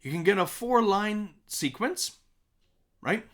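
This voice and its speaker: A man teaching songwriting in a recorded lesson, his pitch leaping up and down as he explains. He chants simple rhymes to make his points and checks in often with "okay?" and "right?". His voice sits a little above the usual male range. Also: takes it slowly. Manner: animated, chanting rhymes as examples. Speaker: music teacher.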